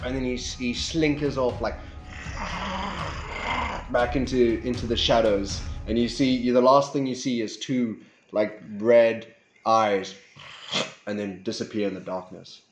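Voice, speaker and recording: A man's voice: mid-range voice, steady tone, measured pace, pauses often, reverberant, faint music behind, rough recording. A man narrating a tabletop game as game master, rambling with fillers and restarts.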